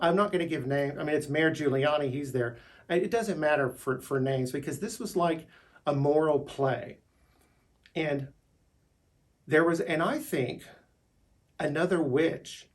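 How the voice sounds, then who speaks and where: A middle-aged man talking in a rambling, unscripted monologue, restarting words and pushing his voice upward when he gets worked up. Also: on the high side. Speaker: vlogger.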